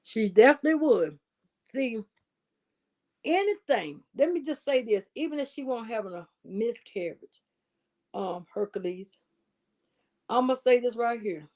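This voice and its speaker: A woman hosting a casual gossip livestream, animated and laughing often, with drawling asides to her viewers. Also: a little high, unhurried, long pauses. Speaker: livestream host.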